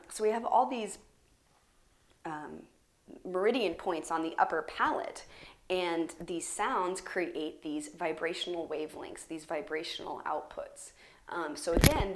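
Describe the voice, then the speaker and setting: Yoga instructor, young adult woman, lowish voice, easygoing explainer with lots of fillers, camera mic. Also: unhurried. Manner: relaxed, casual explaining with many fillers. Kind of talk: guided yoga class instruction.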